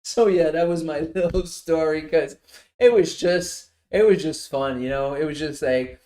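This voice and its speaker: A man hosting a casual livestream from his home office, telling a lively story and swearing freely. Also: fairly high pitch, a little slow. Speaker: livestream host.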